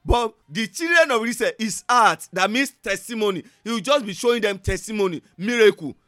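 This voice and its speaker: High-voiced fervent male preacher. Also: animated, brisk, no echo, studio quality, soft background music. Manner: fervent, repetitive prayer chants, shifts between shouting and hushed tones. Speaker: pastor. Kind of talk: sermon with call-and-response prayer.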